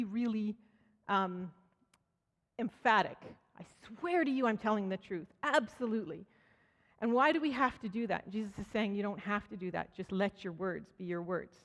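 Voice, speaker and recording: A woman's voice: medium pitch, normal speed. A woman giving a conversational sermon at a church, telling stories and acting out quoted voices. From Canada. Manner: storytelling, acts out quoted voices, frequent restarts. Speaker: speaker at church. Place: church sanctuary. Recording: church hall with long reverb.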